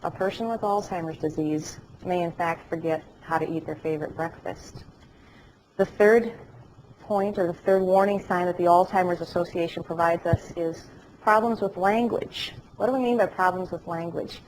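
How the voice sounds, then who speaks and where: A woman teaching a class as an educator, telling animated stories with jokes along the way. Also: fairly low pitch, normal speed, slight background noise, low-quality recording. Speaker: dementia care educator. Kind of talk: lecture to a class, also telecast. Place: classroom or lecture hall.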